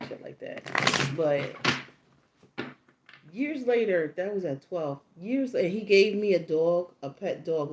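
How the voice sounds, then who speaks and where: A middle-aged woman hosting her own channel, telling a story in a casual, animated way, laughing often and acting out the people in it. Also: sits low, dull audio, background noise. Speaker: tarot channel host.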